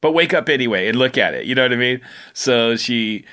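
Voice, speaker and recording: A middle-aged man, a fisherman, telling his own story in a rambling, animated way, often laughing as he talks. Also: medium pitch, a little fast, few pauses. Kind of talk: casual storytelling interview.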